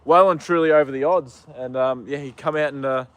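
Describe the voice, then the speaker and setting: A man's voice: medium pitch, brisk, smooth, no echo. Aussie guy rambling on a live stream outside, lots of ums, dry close mic. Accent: Australian. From Australia. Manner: relaxed, rambling, many ums and uhs. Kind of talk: casual live-stream chat. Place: outdoors with a horse.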